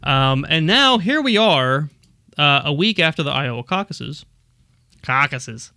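A man hosting a casual podcast, talking in a rambling way and laughing often. His voice sits a bit high and sounds bright and sharp. The sound is dry and close, with no room echo. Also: lively intonation, measured pace. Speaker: podcast host.

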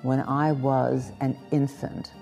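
Very deep-voiced older woman, mellow. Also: little pitch movement, creaky, in a large hall, faint music behind. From Lithuania. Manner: reflective and measured, with pauses and restarts. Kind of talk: personal recollection.

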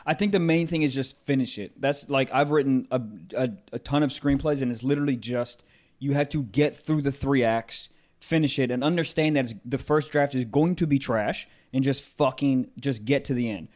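A man's voice: mid-range voice, moderate pace, darkish tone. A young adult man, a stand-up comedian, rambling and swearing through casual chat with mock self-pity. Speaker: comedian co-host.

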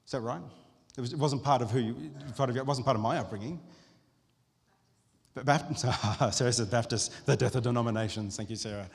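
A pastor giving a conversational sermon, with frequent restarts and asides to the congregation. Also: male voice, mid-range voice, brisk, creaky. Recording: long hall reverb.

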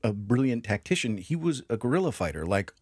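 A man's voice: mid-range voice, sing-song, a little fast, darkish tone, breathy edge, dry recording, clean studio sound. A man co-hosting a casual history podcast, joking and swearing as he explains. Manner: profane, jokey, laughs often. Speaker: podcast co-host.

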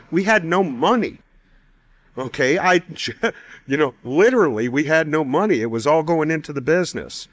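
A man's voice: on the high side, no echo. Man telling a story, dry recording. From United States. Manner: conversational, animated, acts out quoted voices. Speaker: guest storyteller. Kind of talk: personal testimony storytelling.

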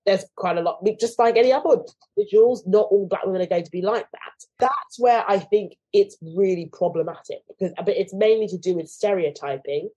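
A woman's voice: mid-range voice, a little fast, few pauses, warm tone, breathy edge, highs cut off. A woman being interviewed, speaking thoughtfully and acting out the voices of people she quotes. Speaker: guest. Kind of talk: conversational interview.

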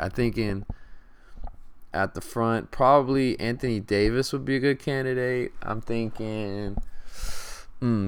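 Young male podcast host, smooth tone, relaxed slangy banter. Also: on the low side. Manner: laid-back, slangy, thinks aloud with fillers. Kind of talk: casual sports podcast chat.

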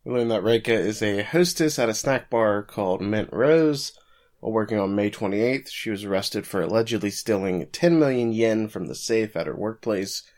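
Man, low voice, casual recap, amused. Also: moderate pace. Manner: relaxed storytelling, chuckles at the jokes. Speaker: podcast co-host.

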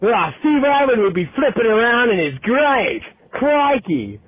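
A male caller leaving a voicemail, loud and mocking as he laughs at the hosts. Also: extremely high pitch, very animated, unhurried, slightly rough, dry recording. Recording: tinny phone-line voicemail.

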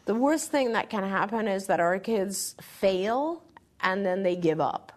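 A woman's voice: medium pitch, lively intonation, measured pace. A middle-aged woman co-hosting a talk show, giving earnest, encouraging advice to parents and often restarting her phrases. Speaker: podcast co-host answering parent questions.

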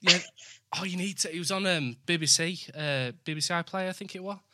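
A young adult podcast host from the West Midlands, with an accent mixing West Midlands and Yorkshire, chatting quickly and self-deprecatingly. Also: mid-range voice, pushed and bright. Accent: West Midlands mixed with Yorkshire. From West Midlands, England. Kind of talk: casual chat.

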